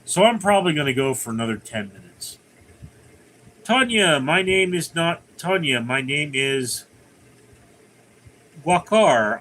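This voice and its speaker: A man's voice: fairly high pitch, animated, unhurried, pauses often, fairly bright tone, a little hiss or hum, rough recording. Chatty man hosting a livestream. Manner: conversational, rambling, reads comments aloud then answers. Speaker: livestream host. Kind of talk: casual live chat reading viewer comments.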